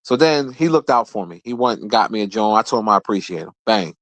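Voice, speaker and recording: A man in his forties telling a rambling, profane story in a casual rant, his voice jumping high whenever he quotes someone. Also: fast talker, no echo. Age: 40s. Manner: profane, animated, jumps high when quoting people. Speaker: streamer host.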